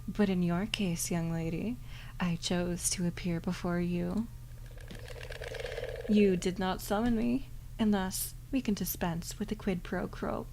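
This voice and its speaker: A woman softly voicing Malphas, a suave crow demon. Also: fairly low pitch, fairly even intonation, unhurried, vocal fry, a little hiss or hum, low-quality recording. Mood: silky. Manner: formal, silky and old-fashioned. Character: suave male crow demon, courtly and teasing. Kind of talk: whispered role-play.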